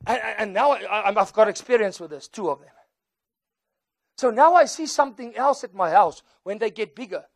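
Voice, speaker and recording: With a high, creaky voice at a normal pace, this South African preacher, a native Afrikaans speaker, animates his sermon by acting out voices and dropping in Afrikaans expressions. The studio sound is clean, with no room sound.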